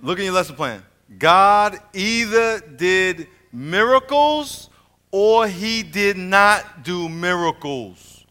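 A man teaching a Bible lesson in a lively sermon style, joking and swinging between loud and quiet. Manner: animated, jokey, swings from loud to low.

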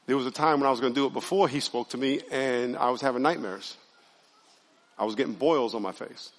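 A man preaching a sermon as pastor, conversational and animated, calling on his congregation to answer and raise their hands. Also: medium pitch, brisk, long reverb tail. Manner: conversational, animated preaching with audience call-and-response. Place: church sanctuary.

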